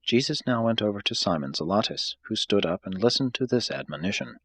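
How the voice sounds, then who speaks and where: A man reads aloud at a steady, measured pace. His voice is low with a husky edge. The recording is dry and close, with no echo. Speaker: reader. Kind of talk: reading aloud from a book.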